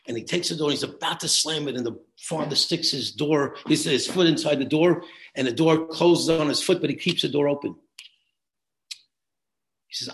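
A man teaching high school students, telling a story in a conversational way with many restarts. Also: moderate pace, vocal fry.

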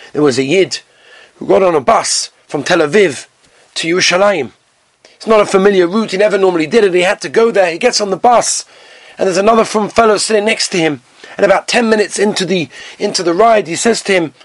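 A man's voice: high voice, dry recording. A man giving a rabbi's lecture in an earnest, emphatic storytelling style, sprinkled with Hebrew and Yiddish terms.

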